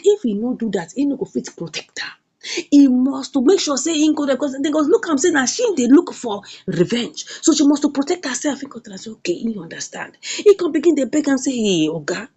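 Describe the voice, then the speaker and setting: A woman's voice: on the high side, gravelly, darkish tone, slightly rough. A woman with a Nigerian Pidgin accent recapping a drama episode, acting out each character's lines in shifting voices. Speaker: movie reviewer.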